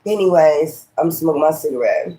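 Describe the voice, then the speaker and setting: Man, high voice, Brooklyn accent, profane and combative, casual tarot rant. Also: animated, normal speed, dark tone. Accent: Brooklyn, New York. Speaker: tarot reader.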